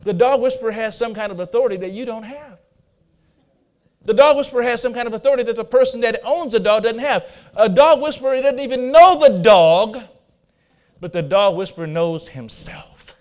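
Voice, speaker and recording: A man preaching a sermon, swinging between loud emphatic declarations and quiet asides to the congregation. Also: very high voice, brisk. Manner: laughs at himself, talks to the congregation. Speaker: pastor.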